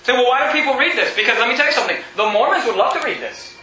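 A man's voice: very high voice, animated, racing, bright, forceful tone. A male pastor preaching an emphatic, mocking sermon, quizzing his congregation. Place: church hall with congregation. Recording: echoey church hall.

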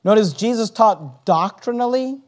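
A man preaching a sermon, reading scripture in old-fashioned wording and building to loud, emphatic passages. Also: high voice, animated, measured pace. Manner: reads scripture in King James wording.

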